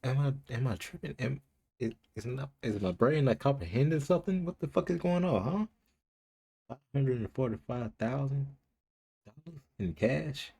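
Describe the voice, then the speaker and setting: A man's voice: medium pitch, expressive, moderate pace, gravelly, slightly rough. Cursing, incredulous man reacting live. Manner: loud incredulous outbursts, heavy cursing, slang. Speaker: streamer reacting to a video.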